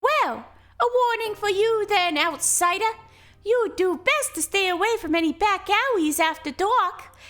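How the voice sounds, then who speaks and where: A woman's voice: extremely high pitch, animated, a little slow, a bit bright, voice pushed up, full character voice. A woman voicing a lazy, folksy old male fisherman in a drawling rustic way. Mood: gruff warning.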